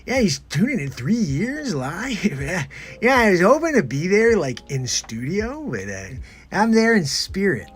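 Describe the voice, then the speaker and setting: A man putting on a deadpan comic's voice, halting and drawling, with pauses and ums. It sits high but swings widely in pitch. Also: heavily acted. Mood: wry congratulations. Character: impression of a deadpan male comedian.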